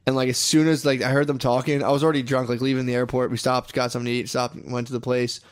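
A man in his twenties chatting loosely about his travels, his voice sitting at an ordinary middle pitch. He talks in slang, swears freely and slips into quick impressions of the people in his stories. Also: little pitch movement, clean tone. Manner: slangy, swears a lot, mimics people he met. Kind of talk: casual crude chat.

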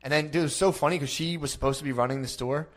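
Fast-talking crude storyteller man. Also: fairly high pitch, fairly even intonation. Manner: rambling, swears a lot, quick storytelling. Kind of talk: crude casual podcast chat.

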